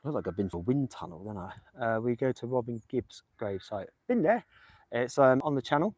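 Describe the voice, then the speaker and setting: A man's voice: mid-range voice, big pitch swings, a little fast, a little mellow, breathy edge, dry recording. Chatty English man live-streaming outdoors. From England. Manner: chatty, rambling, jokey banter with viewers. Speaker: livestream host visiting graves. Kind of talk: casual live stream chat reading comments. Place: outdoors, windy village. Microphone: phone held in hand.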